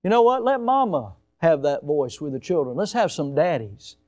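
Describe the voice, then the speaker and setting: High-pitched preaching older man. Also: big pitch swings, moderate pace, a little mellow. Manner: preaching with emphatic rises and sudden drops. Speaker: pastor. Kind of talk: sermon.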